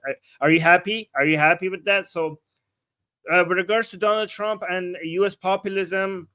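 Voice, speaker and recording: A man with a slightly raised pitch hosts a political livestream. He reads news items aloud and reacts bluntly, often sarcastic, stumbling over restarts as he thinks aloud. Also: fairly even intonation, normal speed, pushed and bright. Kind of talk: casual commentary reading and reacting.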